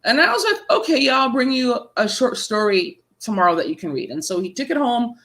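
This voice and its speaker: A slightly high-pitched woman in her thirties, a horror writer, speaks briskly over poor audio. She tells stories casually during an interview, animated and acting out the voices of the people she quotes.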